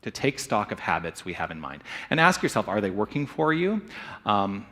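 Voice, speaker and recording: Lively, bright-voiced male minister. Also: on the low side, normal speed. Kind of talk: sermon with congregation sharing. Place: church sanctuary.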